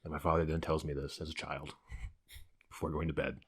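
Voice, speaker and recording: A young man co-hosting a podcast, telling stories and trading dry, deadpan asides in casual banter. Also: extremely low pitch, fairly quick, slightly rough. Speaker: podcast co-host. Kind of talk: casual political banter and storytelling.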